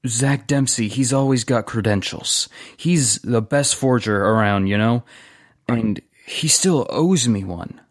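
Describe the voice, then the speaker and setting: A man's voice: medium pitch, a little slow, no room sound, studio quality, lightly acted. A man voicing an ambitious, ingratiating male street hustler who pleads earnestly for a break. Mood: pleading. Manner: pleading, earnest, repeats names.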